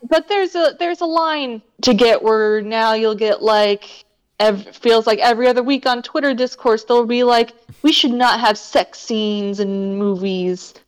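A woman's voice: on the high side, a little slow, smooth, low-quality recording. A woman co-hosting a podcast in casual chat, with a wry, sardonic, opinionated way of talking. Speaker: podcast co-host.

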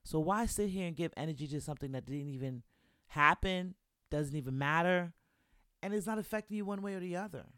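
Chatty man with a higher voice. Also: a little fast, fairly bright tone, clean tone, no echo, studio quality. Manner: chatty and encouraging, constantly checking in with "right?" and "you know". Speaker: podcast host. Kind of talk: casual solo podcast chat.

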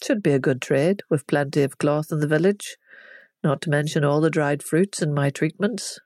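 A storyteller voicing a village mother who makes herbal tinctures, teasing her daughter yet sharp underneath. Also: medium pitch, normal speed, dry recording, clean studio sound, close to an everyday voice.

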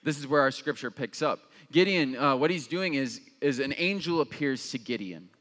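Casual young male pastor, reverberant hall. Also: normal speed. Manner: casual, conversational, with many fillers; animated, jumps high in pitch when acting out reactions. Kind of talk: sermon.

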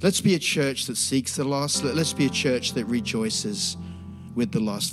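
A man, preaching a sermon that moves from a lively story into earnest prayer. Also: mid-range voice, moderate pace, over music. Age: 50s. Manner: animated storytelling, then quiet earnest prayer. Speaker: pastor.

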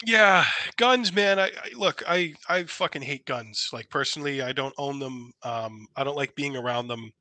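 A man's voice: mid-range voice, normal speed, hardly any pauses, bright, forceful tone, no room sound. A man hosting a podcast, chatting casually and swearing freely as he reacts. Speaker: podcast host. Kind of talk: casual chat.

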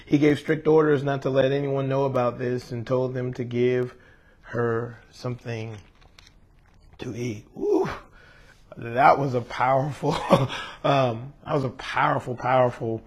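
A man's voice: medium pitch, flat delivery, measured pace. Earnest man preaching. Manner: earnest, emotional, rhetorical questions to listeners. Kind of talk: scripture reading and sermon.

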